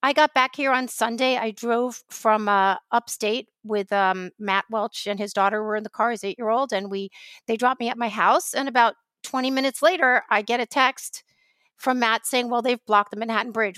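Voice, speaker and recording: Woman, high voice, animated, ranting, podcast co-host, dry close mic. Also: dry recording. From New York. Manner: animated storytelling, quick rants. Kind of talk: casual chat.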